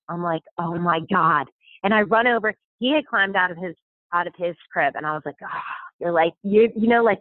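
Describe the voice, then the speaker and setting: A woman's voice: medium pitch, no room sound. A chatty woman rambles through a casual conversation, full of fillers and restarts. Her voice comes over a thin, phone-like line, and the sound is dry, with no room around it. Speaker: podcast guest, stay-at-home mom. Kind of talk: casual chat.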